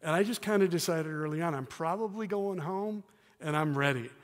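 Middle-aged male preacher, slightly high voice, earnest and candid, church reverb. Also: a little fast. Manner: earnest and candid, with soft self-deprecating laughs. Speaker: guest preacher. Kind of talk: sermon with personal testimony. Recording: long reverb of a church hall.

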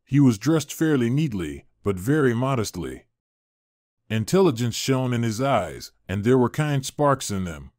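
A man reading a scripted story as narrator in a steady storytelling manner. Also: mid-range voice, unhurried, dry recording, clean studio sound.

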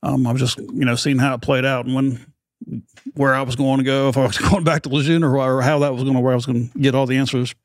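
A man's voice: medium pitch, little pitch movement, fast talker, no room sound, clean studio sound. A middle-aged American man, a podcast host being interviewed, telling a rambling, self-deprecating story and acting out the voices of others. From United States.

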